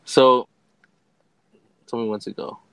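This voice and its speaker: A man's voice: mid-range voice, little pitch movement, slow pace, fairly bright tone, rough recording. A man co-hosting a casual podcast, talking in a laid-back, slangy way and often stammering and restarting his sentences. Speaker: podcast co-host.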